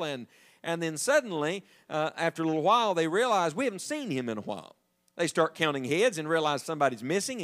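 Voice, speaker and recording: A middle-aged man, preaching a sermon as an evangelist in a folksy, storytelling way. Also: fairly high pitch. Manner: folksy, animated storytelling with jokes to the congregation.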